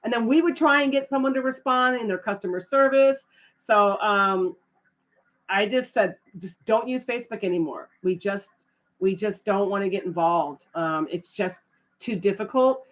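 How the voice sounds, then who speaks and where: A middle-aged woman hosts a casual live stream and chats with viewers in a mid-range voice at a moderate pace. She often breaks into excited, surprised exclamations between trailing fillers.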